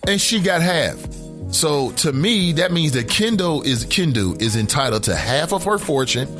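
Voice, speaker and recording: A man's voice: on the high side, moderate pace, music in the background. A man hosting a talk radio show, reading out listener comments and ranting emphatically about them in a casual way. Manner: animated, emphatic, preachy rants.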